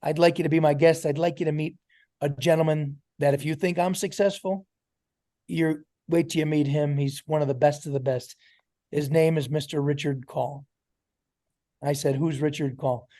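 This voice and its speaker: Middle-aged new guy, motivational story talk to his team, acts out the voices, warm mellow tone. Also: fairly high pitch, moderate pace. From New York. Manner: animated storyteller acting out dialogue. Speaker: network marketing trainer.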